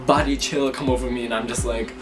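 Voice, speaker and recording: A young Canadian vlogger tells spooky personal stories to camera with background music playing. He talks fast in a mid-range voice, lively and chatty, acting out his reactions and laughing often.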